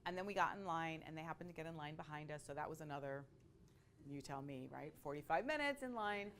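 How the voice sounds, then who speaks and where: A woman telling a personal story in a conversational, expressive way, with frequent asides to her listeners. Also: low-pitched, fast talker, a little hiss or hum. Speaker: speaker sharing a personal story.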